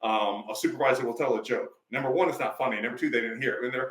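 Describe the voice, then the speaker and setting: A man's voice: medium pitch, very fast, fairly bright tone. Life coach guy on a podcast, preachy storytelling, echoey room. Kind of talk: conversational podcast interview.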